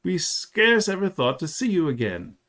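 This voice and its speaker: A man's voice: sits high, big pitch swings, normal speed, fairly bright tone, pitched above the performer's own voice. A man reading aloud as a good-hearted, talkative shopkeeper who rambles in a folksy way. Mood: warm. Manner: chatty, folksy.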